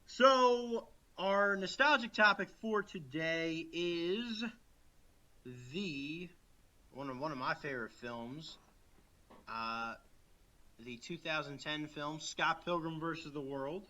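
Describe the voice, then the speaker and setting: A male podcast co-host chatting casually from home. His voice is very bright and forward, sitting a bit high. He laughs and teases his partner often. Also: animated, slow, lo-fi sound. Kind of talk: casual chat. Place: home, recording remotely.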